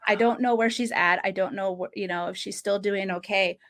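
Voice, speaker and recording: Brisk and fairly bright, her medium-pitched voice keeps a fairly even intonation. The late-thirties podcast host tells a story in earnest, casual conversation, frequently dropping in short laughs.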